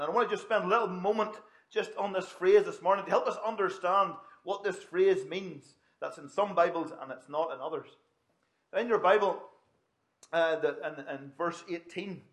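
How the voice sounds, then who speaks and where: A man's voice: fairly high pitch, a bit bright. A man preaching a sermon in a conversational way, with asides and restarts.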